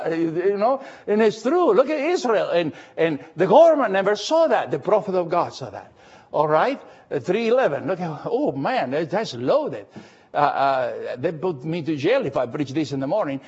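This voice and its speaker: A man preaching a Bible study, lively and emphatic, full of fillers and questions to his listeners. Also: sits high, husky, muffled recording. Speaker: pastor. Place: church, recorded for radio.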